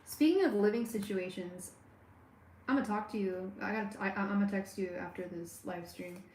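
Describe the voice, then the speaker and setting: A woman giving a live tarot reading on a stream, speaking warmly and straight to the viewer, with many halting restarts and fillers. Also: medium pitch, roomy sound, slight background noise, poor audio. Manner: warm, personal, talks straight to the viewer. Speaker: tarot reader.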